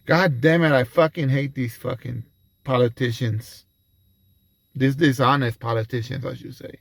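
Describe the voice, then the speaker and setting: A man's voice: medium pitch, steady tone, normal speed, creaky, dry recording. A man giving an angry, profane reaction commentary, ranting heatedly.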